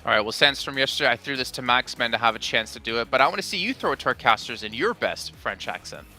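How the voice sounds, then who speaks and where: A man's voice: medium pitch, expressive, fast, sharp tone, soft background music. A man hosting an esports analyst desk, putting friendly teasing questions to his panel. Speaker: desk host.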